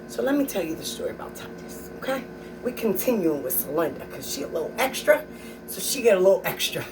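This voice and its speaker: A woman's voice: mid-range voice, distant mic, background noise. A middle-aged woman comedian telling stories about her kids in a sassy, blunt, profane way. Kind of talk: stand-up storytelling.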